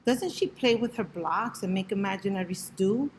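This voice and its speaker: A woman's voice: medium pitch, moderate pace, a little mellow, a little hiss or hum, lightly acted. Woman reading as a wondering father. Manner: blurting, wondering. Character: wondering father of a young girl.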